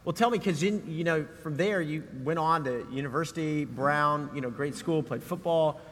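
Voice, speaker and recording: A man hosts the interview with a husky, breathy voice, affirming what his guest says. A long hall reverb trails each line. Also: on the high side, moderate pace, fairly bright tone. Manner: encouraging, affirming responses. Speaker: interview host.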